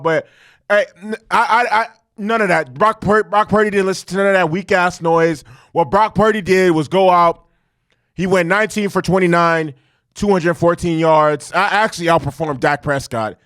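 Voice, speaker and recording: A man hosting a casual sports reaction show, talking in an animated, profane way and repeating points for emphasis. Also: high voice, normal speed, dry recording, studio quality. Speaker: sports commentary host.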